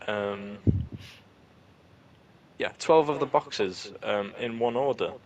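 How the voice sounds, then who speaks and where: A man's voice: mid-range voice, takes it slowly. A young man co-hosting a podcast, telling a work story with hesitations and ums. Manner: rambling storyteller, hedging with ums. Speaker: podcast co-host. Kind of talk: casual chat.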